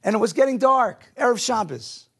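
A man teaching a Jewish text class to a live audience, animated, asking the room questions and mixing in Hebrew and Yiddish words. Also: extremely high pitch, moderate pace, vocal fry, husky.

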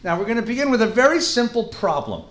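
A male rabbi lecturing a live class, animated and joking, with Yiddish words woven in. His voice sits high and swings widely up and down, in an echoey classroom. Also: fast talker.

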